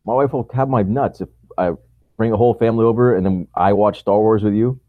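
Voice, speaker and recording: A man's voice: fairly low pitch, a little fast, dry recording, narrow, tinny audio. A man co-hosting a podcast in casual chat, talking with opinion and laughing often. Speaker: podcast co-host.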